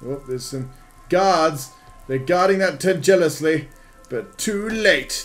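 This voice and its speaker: A man's voice: a little high, measured pace, faint music behind. A man giving jokey let's-play commentary over a game, exclaiming and making silly sound effects. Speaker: gaming video host.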